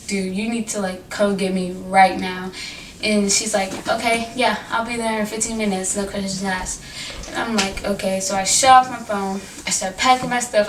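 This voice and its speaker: A young woman tells a personal story to her camera, chatty and animated, leaning on fillers. Her voice sits a little away from the camera mic in a roomy, echoing space with faint noise behind. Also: medium pitch, far from the mic. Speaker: vlogger. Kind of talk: casual storytime vlog. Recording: echoey room, voice a bit off-mic.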